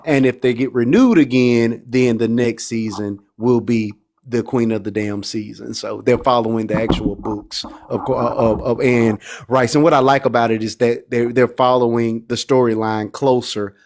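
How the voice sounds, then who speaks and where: A man's voice: medium pitch, fairly even intonation, normal speed, hardly any pauses, a little mellow. A man hosting a live online talk show, speaking in a casual, heartfelt way and often repeating words as he gets emotional. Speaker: podcast host. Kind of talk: casual live-stream chat.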